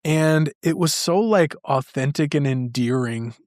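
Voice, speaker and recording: A man's voice: fairly high pitch, a little slow, a little mellow, no room sound, studio quality. A man hosting a podcast, talking casually and rambling with many restarts. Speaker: podcast host. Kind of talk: casual interview chat.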